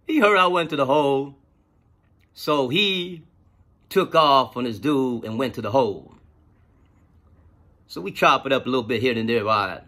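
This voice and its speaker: Man, storyteller, profane, animated, bright, husky. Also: mid-range voice, moderate pace, pauses often. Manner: profane, animated, lots of fillers. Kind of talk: casual personal storytelling.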